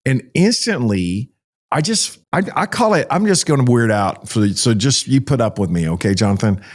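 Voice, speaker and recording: A man from Texas tells his story in a folksy, animated way. He is a pastor and a podcast guest, and his pace keeps shifting between quick bursts and slow, drawn-out words. His voice sits in an ordinary middle pitch. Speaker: pastor and ministry founder, guest.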